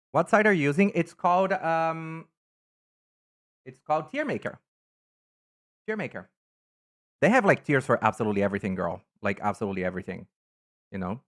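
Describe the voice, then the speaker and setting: A man chatting casually on a live stream, camp and animated, greeting viewers by name while he ranks things. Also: medium pitch. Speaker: live streamer reading chat. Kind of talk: casual live-stream chat ranking items.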